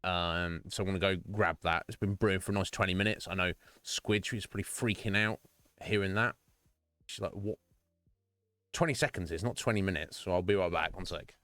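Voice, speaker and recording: Male streamer, lowish voice, loose rambling chatter with casual swearing, dry sound. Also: fairly quick, sharp tone, no room sound. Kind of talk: casual live-stream chat. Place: home streaming setup.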